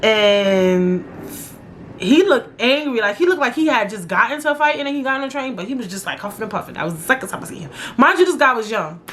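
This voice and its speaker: Podcast host, young woman from New York, casual and profane, pitched a bit high. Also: fast, slight background noise. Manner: animated, profane, slangy storytelling. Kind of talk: casual storytelling monologue.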